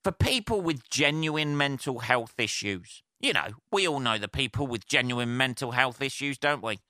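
A sweary man rants alone into a close podcast mic, rambling and laughing at himself. His voice is bright and forceful, and the sound is dry with no room around it. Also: mid-range voice, lively intonation, normal speed, no room sound. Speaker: podcast host. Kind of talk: casual solo podcast rant.

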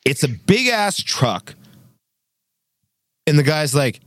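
A young man telling a story in casual chat, animated and acting out quotes, with frequent laughs. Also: medium pitch, measured pace, pauses often, no room sound, studio quality. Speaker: podcast co-host telling a story.

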